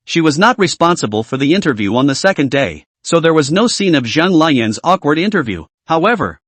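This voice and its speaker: A man's voice: a little high, dry recording. A man narrating a comic recap, reading every character in much the same voice with small lifts for quoted lines.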